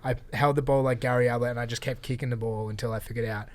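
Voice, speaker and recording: A man's voice: mid-range voice, quick pace. An Australian man, a podcast guest, telling stories in casual chat with frequent laughs. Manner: animated storyteller, laughs often.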